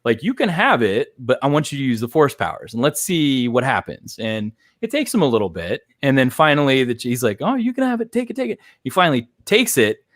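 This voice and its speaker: Lively, laughing man hosting a reaction chat. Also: mid-range voice, fairly quick, hardly any pauses, no echo, clean studio sound. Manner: animated, laughs often, acts out characters' lines. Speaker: podcast host.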